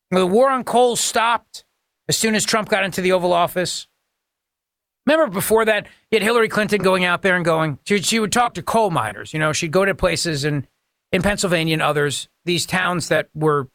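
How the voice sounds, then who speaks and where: Gravelly, high-voiced combative talk radio host. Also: male voice, a bit bright, no echo, clean studio sound. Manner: combative, sarcastic, rhetorical questions. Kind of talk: political talk radio monologue.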